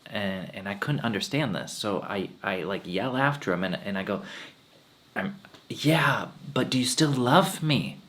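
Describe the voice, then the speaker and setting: A man's voice: fairly low pitch, animated, a little slow, a bit bright. A man giving a spiritual talk, telling earnest personal stories and quoting his teacher. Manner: earnest storytelling, quotes his teacher in changed voices. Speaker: swami giving satsang.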